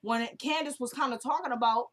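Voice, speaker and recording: A woman's voice: fairly high pitch, a little fast. A woman recapping a TV episode in casual chat, emphatic and repeating herself as she retells scenes.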